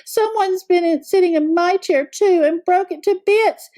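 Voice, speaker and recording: A woman's voice: extremely high pitch, measured pace, dark tone, pitched above the performer's own voice. Woman doing a squealing little bear cub. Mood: excited. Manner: eager, squealing. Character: small excitable boy bear cub.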